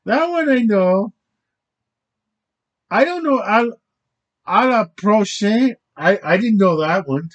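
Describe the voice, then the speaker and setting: Channel host, male, high voice, unhurried, halting and self-interrupting, stumbles over foreign words. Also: expressive, highs cut off. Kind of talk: rambling casual monologue.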